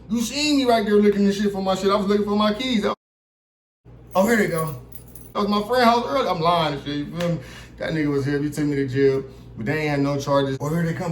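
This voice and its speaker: A young man rambles through a crude, animated story for his channel, forever asking if you feel him. His voice sits a touch high, and the room around him rings with echo. A faint hiss runs underneath. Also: fast. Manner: acts out other people's lines. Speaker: vlogger. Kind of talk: casual storytelling to camera. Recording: roomy echo with faint background noise.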